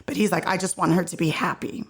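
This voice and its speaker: A woman's voice: on the low side, steady tone, fast talker, gravelly. A woman in her thirties telling a personal story in casual conversation, earnest and emotional, with many restarts. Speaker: podcast guest. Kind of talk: casual chat.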